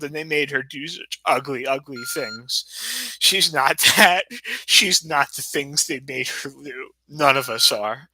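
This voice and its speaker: Agitated and rambling, an American man with a mid-range, bright, forceful voice talks a little slowly to his livestream audience, partly over a phone call. He repeats himself and sometimes drops to near-whispers; the recording is rough but has no echo.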